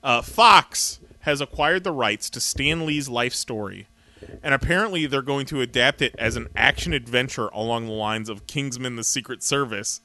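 A man co-hosting a comics podcast in casual chat, animated, laughing and swearing freely as he runs through the news. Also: mid-range voice, moderate pace. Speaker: podcast co-host.

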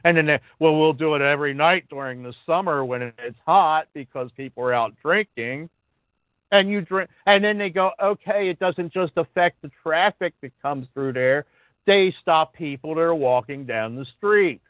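A man's voice: a little high, moderate pace, no room sound. A man co-hosting a casual talk radio show, ranting with indignation and swearing now and then. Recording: dry, tinny phone-like sound.

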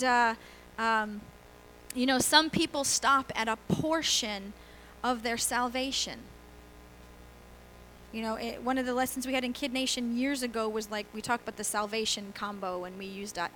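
A woman's voice: on the high side, sharp tone, slight background noise, poor audio. A woman pastor giving a conversational sermon, asking the congregation questions and laughing easily. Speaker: guest pastor.

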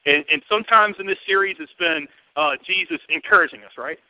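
A man with a Southern US accent preaching a sermon to his church, lively and joking in a conversational way. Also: sits high, a little fast, no echo. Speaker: pastor. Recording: tinny, phone-like and dry.

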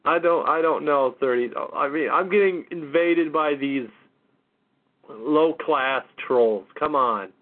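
A man's voice: a little high, takes it slowly. A man hosting a casual call-in show, exasperated and mocking, swearing often. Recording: tinny phone-line audio.

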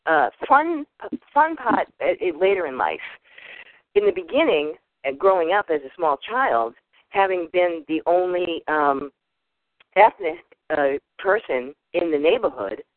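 A woman in her fifties with a Boston accent, from the Boston area, speaks casually on a group call. She tells her story in an animated way and acts out the voices of other people. The sound is narrow and phone-like, and very dry. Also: on the low side, dry recording. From Boston area, USA. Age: 50s. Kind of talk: casual personal introduction. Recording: tinny phone line, dry.

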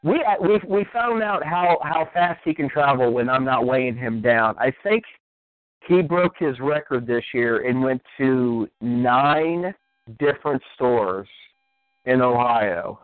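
A man who is a podcast guest, chatting casually and rambling excitedly, laughing often. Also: mid-range voice, slow pace, clear, resonant tone, no room sound. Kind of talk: casual chat. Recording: phone-like narrow line, dry.

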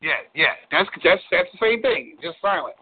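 A man's voice: fairly high pitch, very animated, moderate pace, slightly rough. A man giving blunt relationship advice on a call-in show, preachy and repeating words for emphasis. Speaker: relationship coach. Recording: tinny phone-line sound.

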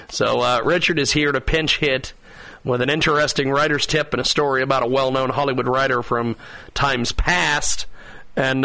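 A man hosting a radio talk show, chatting in a rambling, halting way with frequent laughter. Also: mid-range voice, pushed and bright, poor audio. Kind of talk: casual radio chat.

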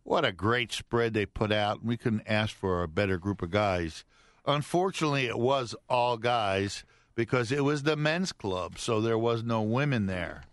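Teasing radio host, dry. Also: male voice, on the low side, measured pace, no echo. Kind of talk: radio talk show banter. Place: radio studio. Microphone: studio mic.

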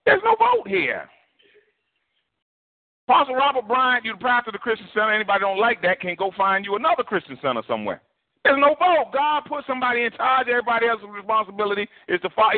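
Animated preaching man on tinny audio. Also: sits high, rapid-fire. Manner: preachy, colloquial, animated with put-on voices. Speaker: pastor. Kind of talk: sermon. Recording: tinny phone-like broadcast audio.

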